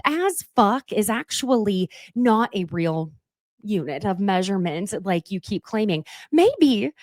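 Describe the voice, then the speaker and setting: A woman's voice: a little high, no room sound, studio quality. A woman chatting casually as she recaps a reality show, gushing and often laughing. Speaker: recap host.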